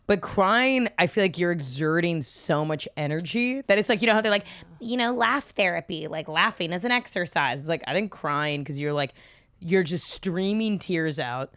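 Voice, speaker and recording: Low-voiced woman co-host, chatty storyteller who laughs along, dry close-mic sound. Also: lively intonation, moderate pace, a bit bright, dry recording. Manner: chatty storyteller, laughs through her stories. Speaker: podcast co-host. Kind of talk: casual chat.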